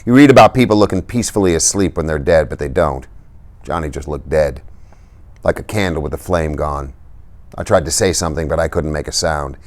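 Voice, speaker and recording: A man reading a novel aloud for a class in steady, subdued narration. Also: a bass voice, a little fast. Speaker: reader.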